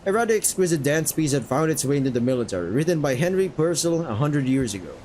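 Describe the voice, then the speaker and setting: A man's voice: a little high, sing-song, quick pace, a little mellow, a little hiss or hum. A man voicing a refined, bookish male painted dog who talks formally and rambles politely about music history. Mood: enthusiastic.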